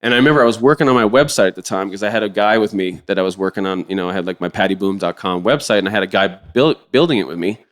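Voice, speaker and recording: A middle-aged man telling a story in a casual interview, acting out the quotes with sudden high-pitched outbursts and swearing freely. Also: very fast, hardly any pauses, a bit bright. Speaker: drummer and podcast guest.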